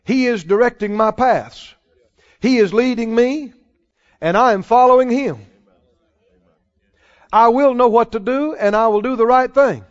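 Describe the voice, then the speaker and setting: A man's voice: very high-pitched, a little slow, pauses often. A man preaching a sermon, stretching out his key phrases for emphasis and chuckling now and then. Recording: dull lo-fi sound.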